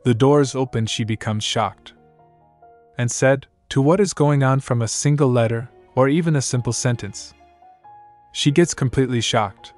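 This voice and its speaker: A man's voice: mid-range voice, darkish tone. A man reading a story recap as narrator, voicing every character's lines in the same plain tone, recorded dry as a voice-over with light music behind.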